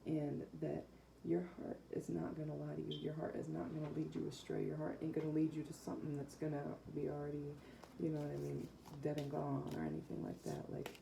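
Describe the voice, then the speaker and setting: A woman's voice: low voice, completely flat delivery, fairly quick, creaky, background noise. A woman giving a casual, rambling psychic tarot reading to her viewers, with many fillers. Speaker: tarot reader.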